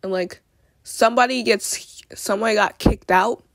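A woman's voice: mid-range voice, steady tone, moderate pace, vocal fry, no room sound. A young woman in her teens ranting angrily to camera, swearing a lot and saying "like" often. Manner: ranting, heavy swearing, lots of "like". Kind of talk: angry rant vlog.

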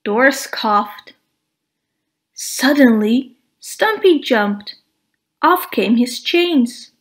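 Slow, high-voiced woman reading aloud. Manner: slow, expressive storytelling for preschoolers. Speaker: storybook reader. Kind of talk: children's read-aloud narration.

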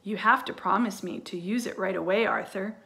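A woman voicing a lively, bold young girl from a storybook, in a perky, high character voice. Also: fairly quick, gravelly.

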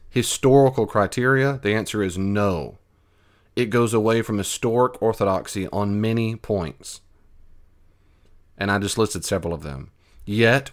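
A man with a somewhat low voice talks through listener questions on his podcast. He sounds folksy and earnest, like he is chatting plainly with his audience. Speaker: podcast host. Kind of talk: casual podcast monologue answering listener questions.

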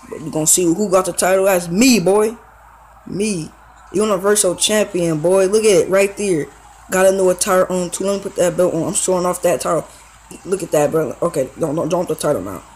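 Young guy with a high voice, hyped slangy commentary over his game. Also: poor audio. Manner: slangy, excitable play-by-play with fillers. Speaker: gaming YouTuber. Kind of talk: casual gameplay commentary.

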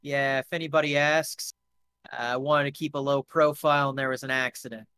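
A man playing a gruff, blunt male fixer who swears freely, in a live tabletop game. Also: medium pitch, flat delivery, fairly quick, sharp tone, no echo, lightly acted.

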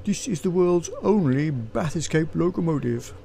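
A man's voice: a little high, animated, normal speed, vocal fry, dark tone, pitched above the performer's own voice. A man voicing a blunt, grumbling working-class train guard in a game read-along. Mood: gruff.

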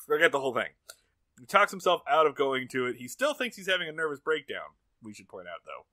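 A man co-hosting a comedy podcast, recapping an episode in casual chat and bursting into loud, shouty impressions. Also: on the high side, very animated, quick pace, dry recording, studio quality. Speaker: podcast co-host.

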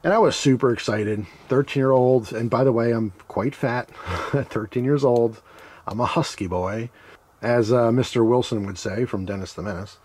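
A man's voice: medium pitch, moderate pace, darkish tone, breathy edge. A middle-aged man casually telling a rambling childhood story, laughing and acting out the voices he quotes. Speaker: knife channel host.

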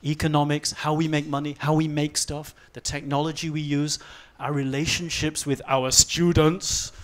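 A man in his forties giving a fast-paced, humorous talk on stage, swinging from quiet asides to loud outbursts. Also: on the high side, flat delivery. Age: 40s. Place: event stage before a live audience.

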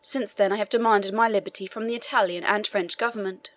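Lady reading old locked-up priest, earnest, keeps pushing his point, middle pitch. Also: fairly even intonation, brisk, natural voice. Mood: pleading. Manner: earnest, pleading, persistent. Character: elderly imprisoned male Italian priest, eager, learned.

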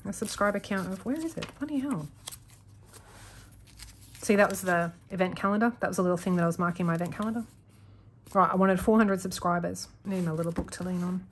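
A woman's voice: mid-range voice, slight background noise. A young woman chatting casually to viewers while setting up her planner, rambling and correcting herself as she goes. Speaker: planner vlogger.

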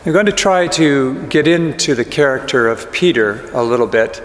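A pastor with an animated, mid-range voice preaches and reads from scripture at a moderate pace. He acts out the quoted speakers in distinct voices, and the sanctuary's echo lingers in long reverb.

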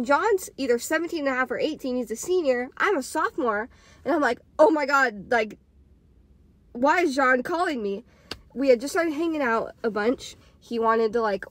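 Young woman in her twenties, raised pitch, dry close sound, rambling casual storytime full of "like.". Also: moderate pace, no room sound. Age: 20s. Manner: rambling, filler-heavy with frequent "like". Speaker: podcaster and storytime vlogger.

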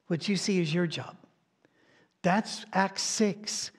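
A man's voice: sits high, slightly rough. A man preaching a conversational sermon as pastor, telling folksy stories with asides and light humor. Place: church.

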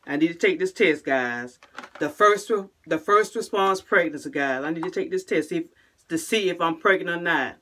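A woman vlogging casually to camera. She talks in short, restarted phrases and drops to a low, quiet "guys" or "y'all" at the end of most lines. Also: normal speed, a little hiss or hum. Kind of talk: casual vlog talk to camera.

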